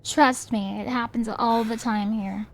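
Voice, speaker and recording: A woman's voice: on the high side, fairly even intonation, unhurried. Playful, rambling woman streamer. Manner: playful, rambling, self-teasing. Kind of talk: casual chat.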